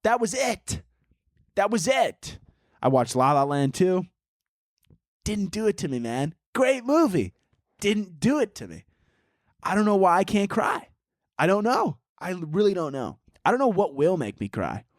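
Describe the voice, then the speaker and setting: A man's voice: sits high, sing-song, moderate pace, no room sound, studio quality. A man hosting a solo comedy podcast, rambling goofily and slipping into mock-dramatic narration. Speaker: podcast host.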